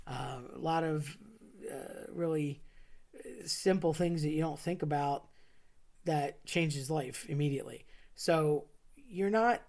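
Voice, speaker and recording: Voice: mid-range voice, warm tone. Rambling storyteller, full of fillers. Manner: rambling, many fillers and restarts. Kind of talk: casual personal storytelling.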